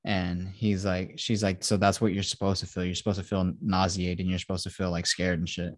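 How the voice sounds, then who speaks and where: A man's voice: low-pitched, flat delivery, a little fast, dry recording, studio quality. A man hosting a podcast, casually retelling a film plot, acting out quotes and swearing freely. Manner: casual, profane, acts out quotes. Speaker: podcast host.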